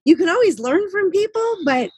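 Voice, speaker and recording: A woman's voice: extremely high pitch, lively intonation, moderate pace, darkish tone, no echo. A woman chatting casually, laughing often and chiming in with short replies. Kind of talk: casual chat.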